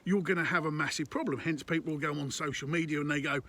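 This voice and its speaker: A man's voice: fairly high pitch, quick pace, few pauses, a bit bright, slight background noise. A man, a business consultant, giving conversational and emphatic business advice to camera, repeating his points.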